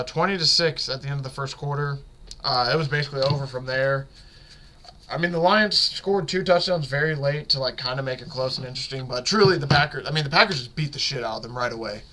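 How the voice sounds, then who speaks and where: A man with a bright, forceful voice hosts a casual sports podcast. He rambles excitedly, stumbles over his words and corrects himself as he goes. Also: on the high side. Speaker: podcast host.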